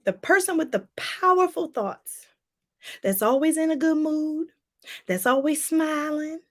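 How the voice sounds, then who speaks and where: A woman's voice: high-pitched, a little slow. A woman from Washington, D.C., giving a motivational talk as a life coach, emphatic and repeating her points straight to viewers.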